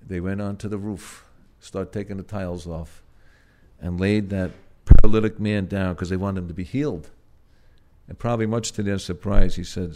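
A man delivers a sermon in a low, gentle voice. His speech halts and restarts often, with soft stretches broken by sudden loud swells on key words. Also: fairly even intonation. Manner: gentle, halting, with frequent "uh" and restarts. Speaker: preacher.

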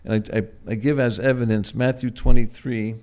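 A man preaching a sermon in a gentle, halting way, pausing often and swelling loud on key words before dropping soft again. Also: medium pitch, steady tone. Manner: gentle, halting, with frequent "uh" and restarts.

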